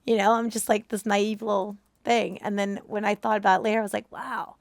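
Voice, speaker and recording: Animated woman telling a personal story. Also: medium pitch, fast talker, vocal fry, dry recording, studio quality. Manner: animated, emotional, acts out quoted voices. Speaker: movie reaction co-host. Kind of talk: casual storytelling chat.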